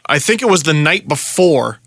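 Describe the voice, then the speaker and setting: A man hosts a casual podcast and talks loosely, full of small fillers. His voice is bright and a touch high. It sounds dry and close to the mic. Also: expressive, normal speed, dry recording. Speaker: podcast host.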